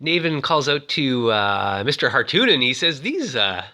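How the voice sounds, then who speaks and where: Chatty man with a lively, bright voice. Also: medium pitch, normal speed. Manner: chatty, many "uh" fillers, shouts out quoted lines. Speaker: toy reviewer retelling a film. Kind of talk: casual story recap.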